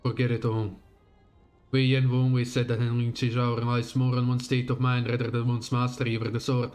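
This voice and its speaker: A stern, proud woman of the sword, read by a man during a game stream. Her lines are blunt and clipped, given as orders. Soft game music plays faintly behind. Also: mid-range voice, completely flat delivery, a little fast, pitched below the performer's own voice, natural voice.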